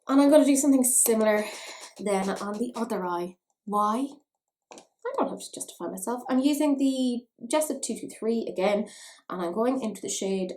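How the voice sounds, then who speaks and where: An Irish woman does her makeup at home for a beauty vlog, chatting playfully and poking fun at herself in a casual tutorial. Her voice is fairly high with a darkish tone, and the recording is low quality.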